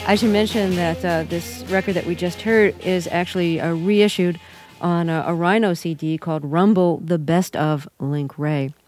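Low-voiced woman radio host. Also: steady tone, music in the background. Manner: measured, clear introductions and questions. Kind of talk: radio interview. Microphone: studio microphone.

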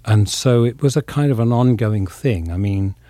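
A man from England, an actor being interviewed, talking in a reflective, halting way with many pauses and fillers. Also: lowish voice, mellow, no room sound. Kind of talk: casual interview talk.

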